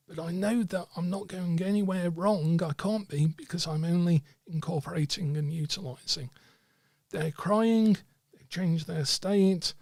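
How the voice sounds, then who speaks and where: Gravelly husky man teaching tarot. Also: fairly high pitch, dry recording. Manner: measured, explanatory, acts out client dialogue. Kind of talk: teaching talk with acted examples.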